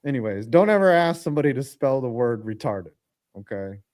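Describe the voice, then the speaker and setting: Very animated and a little fast, this man's mid-range voice carries a slightly mellow quality. He co-hosts a casual sports podcast, rambling profanely while searching for names.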